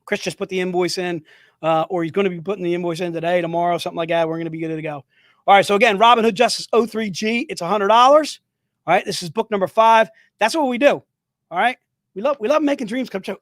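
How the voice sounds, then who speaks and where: A man hosting a live comic sales stream, joking and hyping items in rapid-fire salesman banter from an indoor studio room. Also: high voice, fairly bright tone, dry recording. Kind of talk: casual live-stream selling.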